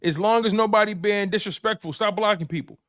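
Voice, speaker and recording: A man's voice: high-pitched, a little fast, a bit bright, no room sound, clean studio sound. A man hosting a live sports stream, delivering a repetitive, preachy rant in heavy slang. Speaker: sports show host.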